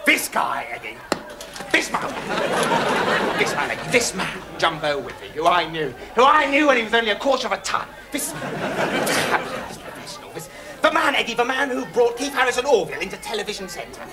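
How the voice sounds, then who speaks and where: A vain, desperate has-been entertainer talks in a very high, lively voice with a pompous, excitable air. He often bursts into shouts. A studio audience laughs behind him. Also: brisk, a loud crowd. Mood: boastful. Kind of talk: studio sitcom acting.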